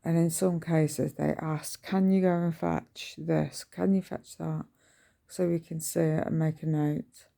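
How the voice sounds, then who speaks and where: In no rush, a middle-aged woman vlogs into her phone from home early in the morning, drifting from thought to thought with many ums and restarts. Her voice sits low and is dark, mellow and slightly gravelly, holding a steady tone.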